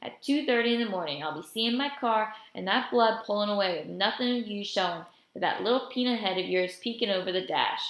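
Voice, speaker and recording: A woman's voice: mid-range voice, animated, fairly quick, hardly any pauses, fairly bright tone. A woman reading the part of a joking, fatherly older man who drives a car, in a storybook reading. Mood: teasing. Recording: roomy echo.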